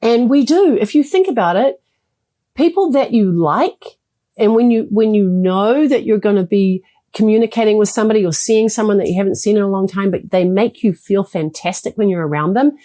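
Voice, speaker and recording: A middle-aged woman coaching on communication as an interview guest. She talks with lively energy and acts out quoted thoughts in a brighter voice. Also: mid-range voice, fairly quick. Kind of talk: interview conversation.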